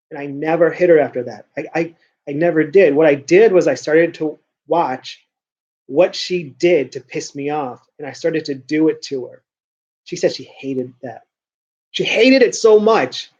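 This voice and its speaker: A man's voice: on the high side, a little mellow, muffled recording. A man talking casually to camera in a rambling vlog monologue, often restarting and repeating words. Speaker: vlogger.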